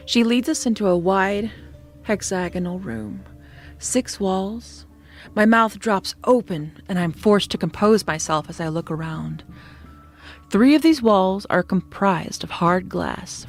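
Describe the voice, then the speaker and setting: Brief: woman horror narrator, low gravelly voice, faint music underneath. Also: slow pace. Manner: steady, descriptive storytelling with hushed moments. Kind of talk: scripted horror story narration. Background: faint background music.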